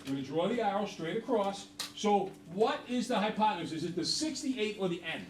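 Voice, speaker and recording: High-voiced male teacher, roomy and far. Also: lively intonation, fairly quick. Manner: jokey, chatty, asks the class questions. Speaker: math teacher. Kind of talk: classroom lesson. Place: classroom.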